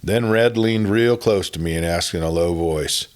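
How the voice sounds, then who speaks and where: A man narrating a spoken story in a folksy, unhurried way. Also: low voice. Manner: folksy, unhurried, starts sentences with "well".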